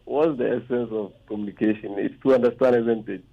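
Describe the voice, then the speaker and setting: A man's voice: medium pitch, steady tone, brisk, gravelly. A man with a Ghanaian English accent calling in to a radio show, explaining his point earnestly and checking with rhetorical questions. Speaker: caller. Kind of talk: phone-in call. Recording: muffled phone line.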